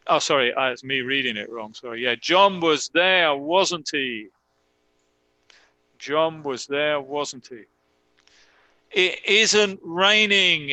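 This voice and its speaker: Slow, bright-voiced male English teacher. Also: fairly high pitch, dry recording, rough recording. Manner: deliberate, corrects himself aloud. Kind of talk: online grammar lesson, reading example sentences.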